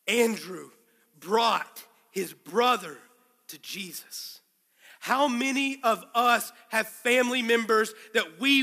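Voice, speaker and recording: A male pastor preaching a sermon to a congregation, telling the story with animated, acted-out quotes. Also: high-pitched, measured pace, big-room sound. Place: large room with a congregation.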